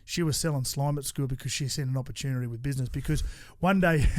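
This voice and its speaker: A man's voice: mid-range voice, fast, no echo, studio quality. An Australian man in his forties, a podcast guest, telling rambling stories in casual chat and swearing freely.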